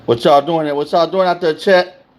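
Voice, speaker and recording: A man's voice: a little high, fairly even intonation, moderate pace. A man hosting a casual livestream, talking loosely and in slang straight to his chat. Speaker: livestream host.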